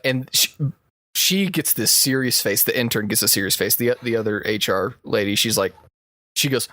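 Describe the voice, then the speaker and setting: A man's voice: medium pitch, moderate pace, bright, forceful tone, no echo, studio quality. A man co-hosting a podcast, telling a work story in casual chat and laughing often as he goes. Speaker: podcast co-host.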